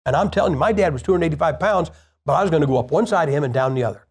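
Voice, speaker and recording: A man's voice: on the high side, animated, racing, a little mellow, husky. A man preaching a sermon, telling a personal story in a plain-spoken, conversational way and firing rhetorical questions at the congregation.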